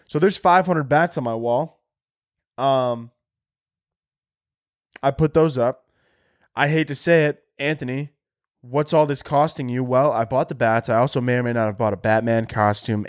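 A young man hosting a comedy podcast, ranting in a sarcastic, profane way, his voice jumping high when he gets worked up. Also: normal speed, pauses often. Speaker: podcast host.

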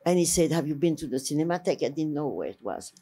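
Older woman with a warm voice. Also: sits low, quick pace. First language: French. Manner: rambling, lively, restarts mid-phrase and acts out other people's speech. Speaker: interviewee, filmmaker. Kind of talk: storytelling reminiscence.

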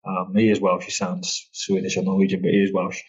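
A man's voice: low voice, completely flat delivery, fairly quick, breathy edge, highs cut off. A man, a football agent guest, talking casually and hesitantly with many restarts. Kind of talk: casual interview chat.

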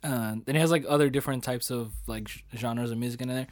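A man's voice: medium pitch, fairly even intonation, brisk, few pauses, no room sound. A man in casual chat as a podcast co-host, laid-back and slangy, swearing easily.

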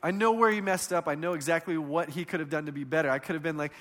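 Bright high-voiced man preaching in reverb. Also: fast talker. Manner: conversational storytelling, swinging between loud and hushed. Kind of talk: sermon.

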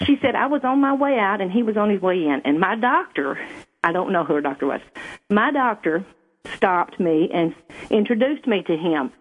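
Older woman caller, emotional and repetitive, husky, over a tinny phone line. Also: fairly low pitch, big pitch swings, moderate pace. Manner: earnest, emotional, repeats herself. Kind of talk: telling a personal story. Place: calling in by phone.

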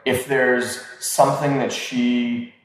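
A man with a mid-range voice talks in an easygoing podcast chat, agreeable and relaxed. His words echo through a very reverberant room with a long reverb tail. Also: medium pitch, slow pace. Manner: easygoing, gives brief affirmations.

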